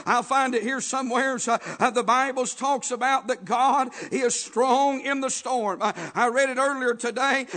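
Male preacher, very high pitch, rhythmic sermon delivery with call-and-response. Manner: rhythmic preaching with frequent "uh" and "Amen?" call-outs, rising to shouts.

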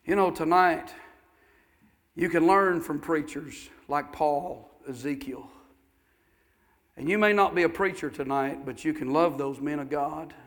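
A man's voice: fairly high pitch, unhurried, a bit bright. A male pastor preaching a sermon, telling folksy stories with fervor and repeating his phrases.

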